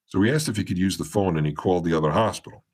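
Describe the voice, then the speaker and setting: A man's voice: sits low, very fast. A man appearing as a podcast guest, telling a long story in a meandering way, restarting sentences and acting out the dialogue. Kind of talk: storytelling in a casual interview.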